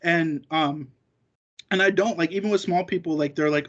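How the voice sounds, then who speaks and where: Guest spot: man with a high voice, rambling and cursing freely, dull muffled recording. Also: steady tone, quick pace, a bit bright. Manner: rambling and profane, acting out quoted remarks. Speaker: guest, jiu-jitsu competitor. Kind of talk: casual podcast chat.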